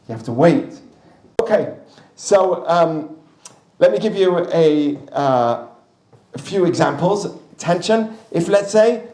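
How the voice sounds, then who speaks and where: A male rabbi teaching a class with a live audience, chatty and storytelling, with quick asides to the listeners. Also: on the high side, darkish tone. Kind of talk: lively classroom teaching with anecdotes. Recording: roomy distant mic in a hall.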